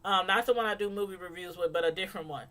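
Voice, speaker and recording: A woman speaking African American Vernacular English, chatting casually to camera as a reviewer, animated and laughing often as she acts out voices. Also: on the low side, very fast. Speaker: YouTube reality-show reviewer.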